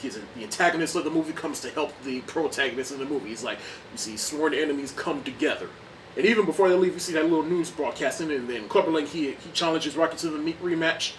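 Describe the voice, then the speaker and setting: A young man casually reviewing a movie in an enthusiastic, rambling way, often repeating himself. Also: fairly high pitch. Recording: distant mic, faint background noise.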